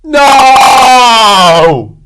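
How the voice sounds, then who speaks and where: A man's voice: lowish voice, very animated, normal speed, very noisy. Cowardly male sergeant voiced by a man, pleading and screaming in panic, storybook villain. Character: cowering treacherous male army sergeant.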